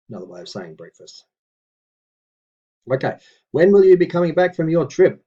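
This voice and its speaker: A man teaching a language lesson in a relaxed, patient way, slowly reading out practice phrases between reassuring asides. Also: on the low side, slightly rough, dull audio.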